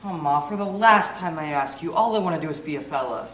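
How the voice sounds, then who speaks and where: A man's voice: fairly high pitch, expressive, fairly bright tone. A young man in a school play, acting a nervous groom who pleads with his mother. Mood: anxious. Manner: hurried, anxious stage delivery. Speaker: student actor in a school play. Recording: distant stage voice, echoey hall, noisy.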